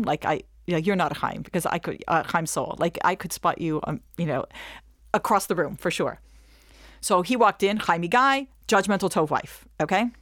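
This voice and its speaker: A middle-aged woman giving a webinar talk, telling stories in a chatty, animated way and checking in often with her listeners. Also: on the low side, no room sound, studio quality. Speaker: webinar speaker. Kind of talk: lively storytelling talk.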